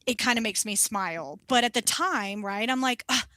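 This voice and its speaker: A young woman talks through a story from her salon days in an animated, casual way, swearing freely and acting out the people she quotes. Her voice is bright and sits a little high. The recording is close and dry. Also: normal speed, dry recording. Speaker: guest, wax specialist.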